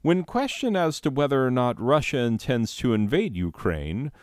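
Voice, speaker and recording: A man's voice: medium pitch, big pitch swings, normal speed, darkish tone, no room sound, clean studio sound. A man presenting a mock year-in-review with sarcastic, rambling, exasperated rants. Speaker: comedy video host.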